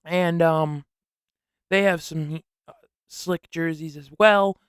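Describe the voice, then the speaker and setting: A young man hosting a casual solo sports podcast, rambling and excitable with lots of slang. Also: fairly high pitch, slow pace, clear, resonant tone, no room sound, studio quality. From upstate New York. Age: young adult.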